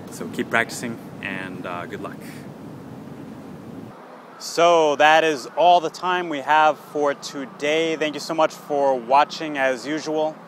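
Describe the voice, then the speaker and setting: A man hosting an English lesson podcast, patiently repeating words slowly for learners. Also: on the high side, a little hiss or hum. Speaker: English teacher and podcast host.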